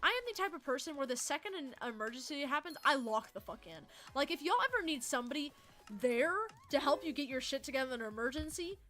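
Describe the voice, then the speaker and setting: A young woman, streaming and telling a story in a profane, animated, dramatic rant. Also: high-pitched, fast, faint music behind.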